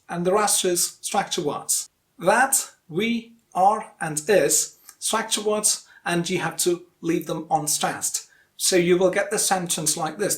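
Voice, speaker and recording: High-voiced man teaching English rhythm. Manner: slow, deliberate model sentences with repetition. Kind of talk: online accent lesson.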